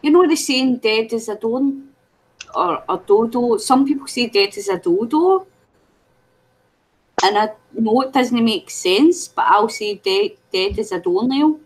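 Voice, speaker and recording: Chatty Scottish woman, husky voice. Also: fairly high pitch, expressive, measured pace, darkish tone, rough recording. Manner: chatty, laughs often, teasing about words. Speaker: craft livestream co-host. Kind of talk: casual chat.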